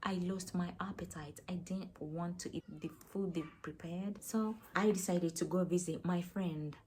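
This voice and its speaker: A woman's voice: on the low side, fairly even intonation, moderate pace, a little mellow, slight background noise. A young woman vlogger earnestly retelling a painful personal story, acting out quoted dialogue.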